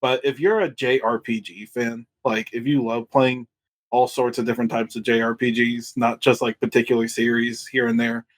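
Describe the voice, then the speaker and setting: A man co-hosting a casual gaming podcast, measured and fair, with hesitant restarts. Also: medium pitch, little pitch movement. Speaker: podcast co-host.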